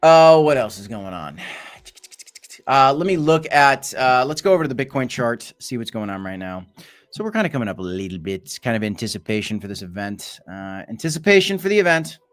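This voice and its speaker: A man's voice: mid-range voice, big pitch swings, brisk. A man hosting a casual crypto livestream, who rambles through market talk with many fillers and restarts. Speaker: crypto channel host.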